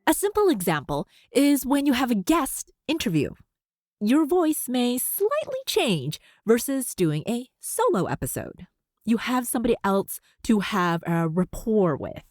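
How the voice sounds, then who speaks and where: A woman's voice: a little high, sing-song, measured pace, darkish tone, no room sound, studio quality. A woman hosting a solo podcast. She speaks with a slight lisp, ends sentences with an upward lift, and laughs often. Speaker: podcast host.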